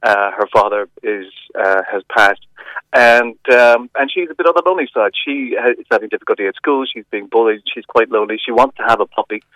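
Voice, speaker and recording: A middle-aged man reviewing a film over the phone, chatty and hesitant, with many restarts and lively emphasis. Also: medium pitch, brisk, dry recording. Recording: dull phone line.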